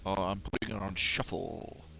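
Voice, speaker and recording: A man hosts a live stream on his own, chatting in a loose, rambling way with goofy mangled grammar. He drifts into low mutters while he tweaks settings. Faint background music plays under his voice. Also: level tone, normal speed, creaky, sharp tone. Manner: rambling and playful, with silly mock grammar and put-on accents; mumbles to himself while fiddling with settings. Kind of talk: casual solo live stream chat.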